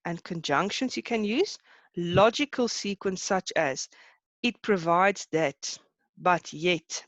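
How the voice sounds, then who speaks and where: A teacher leads a live online lesson, explaining patiently and often pausing to think aloud. The voice sits in a middle range. The recording sounds dull and lo-fi, with a dry, close sound. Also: medium pitch, no room sound. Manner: explains patiently, switching between English and Afrikaans terms then translating; thinks aloud with frequent fillers and restarts.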